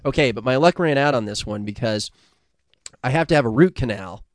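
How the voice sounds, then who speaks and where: A man's voice: mid-range voice, expressive, a little fast, no room sound, clean studio sound. A man from the United States co-hosting a casual podcast, rambling, swearing and laughing through stories. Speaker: podcast co-host. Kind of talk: casual crude chat.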